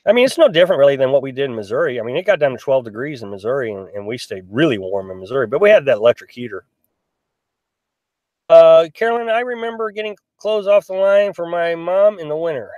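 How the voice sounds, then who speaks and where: A man's voice: a little high, expressive, fast talker, darkish tone, no room sound, lo-fi sound. Chatty middle-aged man, dry sound. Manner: chatty, rambling, many restarts and fillers. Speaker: live-stream host reading viewer comments. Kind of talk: casual live-stream chat. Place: in a small pop-up camper.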